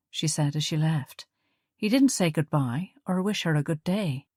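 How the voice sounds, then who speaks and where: Low-voiced woman narrating an audiobook. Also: moderate pace, a little mellow, husky, no room sound, clean studio sound. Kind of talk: scripted narration.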